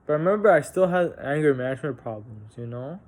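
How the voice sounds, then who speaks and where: A young man casually telling a personal story on a vlog, halting and candid, with frequent restarts, fillers and casual swearing. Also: on the high side, expressive, a little mellow. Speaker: vlogger.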